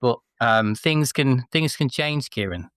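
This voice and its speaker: A man's voice: medium pitch, animated, a little slow, fairly bright tone, smooth, no echo, clean studio sound. A man in his forties from northwest England, a chatty, self-mocking guest telling stories in a casual interview. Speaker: interview guest, former wrestler.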